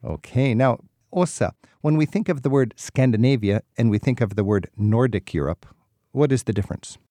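A man's voice: medium pitch, lively intonation, normal speed, mellow, no echo, clean studio sound. A man hosting a radio talk show, asking questions in a jovial, inquisitive way. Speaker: radio host.

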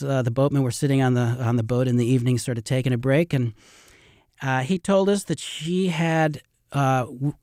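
A man's voice: medium pitch, warm tone, no echo, studio quality. A middle-aged man, a river rafting guide, telling stories earnestly and ramblingly in a radio interview.

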